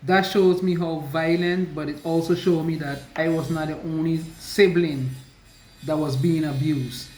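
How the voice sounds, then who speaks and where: Woman, halting testimony, echoey. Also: sits low, fairly even intonation, darkish tone, a little hiss or hum. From US Virgin Islands. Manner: halting, with restarts and slow emotional stretches. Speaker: survivor sharing her story. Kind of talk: personal testimony.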